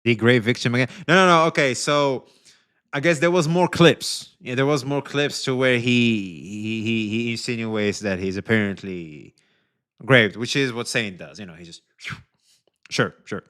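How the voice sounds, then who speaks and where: A man's voice: medium pitch, normal speed, fairly bright tone. A man giving casual, laid-back reaction commentary as a streamer. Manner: laid-back, reassuring, chatty.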